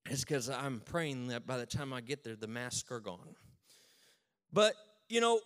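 A man's voice: mid-range voice, measured pace. A man in his thirties telling a humorous personal story, self-mocking and dry. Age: 30s. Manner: self-mocking, dry jokes, lively retelling.

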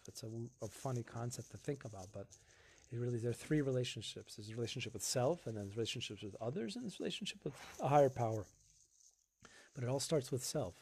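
A man's voice: fairly low pitch, slight background noise. A man hosting a live video stream, talking casually and earnestly, reflecting aloud and acting out little dialogues.

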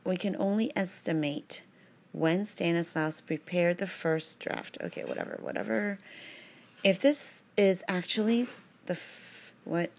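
A woman with a slightly low voice reads a religious text aloud in a home kitchen. She drifts into chatty, rambling asides and keeps tacking "right?" onto her sentences. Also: unhurried.

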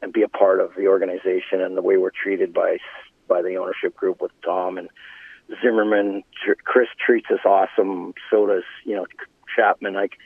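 A middle-aged former hockey player swaps stories with lively, laughing energy and plenty of restarts. His voice is husky and sits a little low. It comes through a dry, tinny phone line. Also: normal speed, dry recording. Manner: animated anecdotes, laughing, restarts. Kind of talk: casual storytelling.

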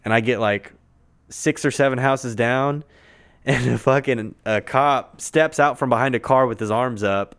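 A man with a smooth, resonant voice at an ordinary middle pitch tells a long, rambling story. His talk is loose and profane, packed with fillers. He is recorded in a conference room. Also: measured pace, a bit bright. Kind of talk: casual storytelling chat.

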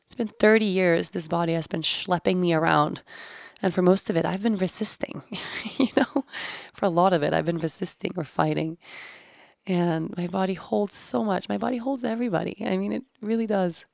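Woman in her thirties, low gravelly voice, dry close sound, candid reflective storytelling. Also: fairly even intonation, fairly quick, a little mellow, no room sound. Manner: candid, searching, swears casually. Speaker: podcast host.

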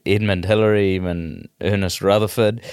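A middle-aged man with a New Zealand accent, a comedian chatting in an interview in a rambling, animated way with many restarts. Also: sits low, moderate pace, smooth, dry recording, studio quality. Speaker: comedian, guest. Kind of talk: casual interview chat.

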